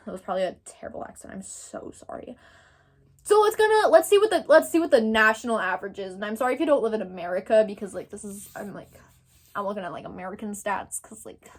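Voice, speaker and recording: A woman's voice: mid-range voice, expressive, quick pace. A young woman from Texas giving casual commentary, thinking aloud and rambling with lots of filler words. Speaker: commentary creator.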